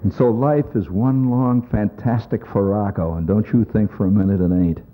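Wry, husky man on a tinny recording. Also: fairly low pitch, normal speed. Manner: wry, rambling, conversational. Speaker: storyteller performing to an audience. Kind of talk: rambling humorous monologue.

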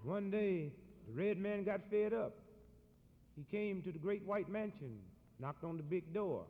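A man telling a satirical story in a preacherly manner, full of folksy slang. His voice is high and very lively. The recording sounds dull and lo-fi, with a long hall echo around it. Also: a little slow.

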